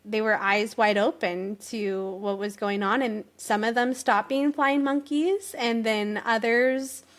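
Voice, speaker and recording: A woman's voice: on the high side, fairly even intonation, a little slow. A woman guest on a talk show, chatting earnestly and telling her story, sometimes searching for words. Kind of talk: casual interview chat.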